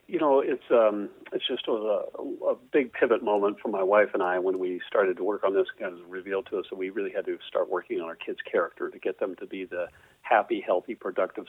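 A man's voice: low voice, slightly rough, no room sound. A man, a father and podcast guest, earnestly explaining with frequent "right?" tags. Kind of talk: casual interview answer. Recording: tinny phone-like call line.

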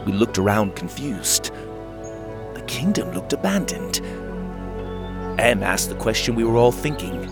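A man narrating a children's audio adventure in an expressive storybook manner. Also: lowish voice, unhurried, pauses often, over music.

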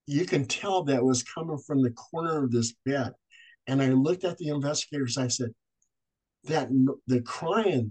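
Male podcast guest, paranormal investigator, animated storyteller who does the voices, mid-pitched. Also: rough recording.

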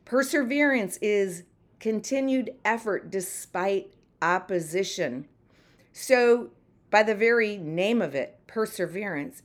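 A woman hosting a motivational podcast, speaking emphatically, repeating phrases and leading her listeners in affirmations. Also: mid-range voice. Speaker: podcast host and mentor. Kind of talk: motivational pep talk.

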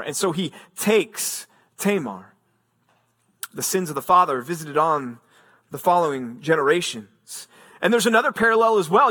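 A man's voice: high-pitched, pushed and bright, slightly rough. A man preaching a sermon as pastor, reading scripture aloud and then explaining it in an earnest, emphatic way.

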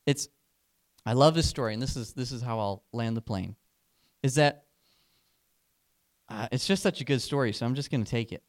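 Male preacher, mid-pitched voice, lively storyteller who slows down to land his points. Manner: animated, building excitement in the story; slows down and softens for emphasis. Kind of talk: sermon with storytelling.

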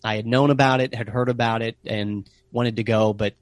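An American man tells travel stories in relaxed conversation, tossing in cheerful bits of Italian as he goes. His voice sits in a mid range and is recorded dry and close, with no room sound. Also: mid-range voice, fairly quick, no room sound. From United States. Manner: animated, with playful Italian phrases. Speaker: guest telling travel stories. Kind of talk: casual storytelling chat.

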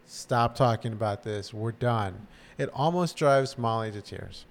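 A man's voice: fairly low pitch, measured pace, vocal fry. A man co-hosting a podcast, casually recapping a TV episode and acting out the characters' lines. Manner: animated retelling, acting out lines. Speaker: podcast co-host recapping a show. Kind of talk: casual chat.

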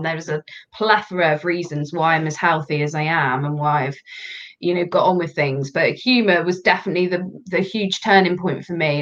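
A woman guest in a casual chat, telling personal stories in an animated, candid way. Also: fairly low pitch. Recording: dull lo-fi audio.

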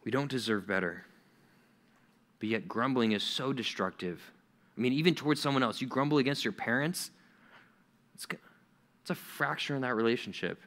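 Animated bright-voiced young male preacher. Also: mid-range voice, moderate pace, pauses often. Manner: animated, acts out quoted voices. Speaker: youth pastor. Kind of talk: sermon.

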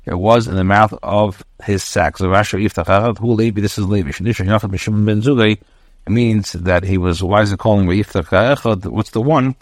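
In a clean studio recording with no room sound, a rabbi with a fairly low voice gives a daily class. He reads Hebrew phrases aloud, then translates and explains them line by line, pausing frequently.

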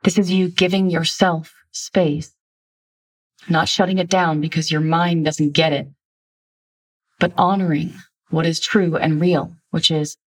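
Woman coach, low-ish voice, direct and emphatic, a little away from the mic. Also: fairly even intonation, unhurried, distant mic. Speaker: relationship coach. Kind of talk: instructional self-help talk.

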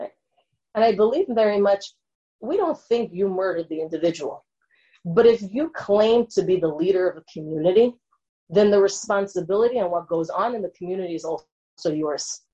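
A woman's voice: medium pitch, animated, a little fast, darkish tone, muffled recording. A woman lecturing and answering an audience question in an earnest way, often checking in with her listeners.

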